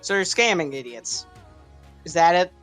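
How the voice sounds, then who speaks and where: A player with a mid-range voice speaks in character in a tabletop game. The talk is halting, full of restarts and casual swearing, and faint music plays underneath. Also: mid-range voice, animated, a bit bright. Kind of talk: in-character tabletop roleplay chat.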